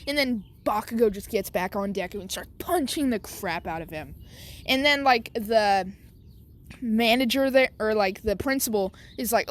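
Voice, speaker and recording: A woman's voice: a little high, moderate pace. A woman casually making up and narrating a fan story, rambling with lots of fillers and restarts.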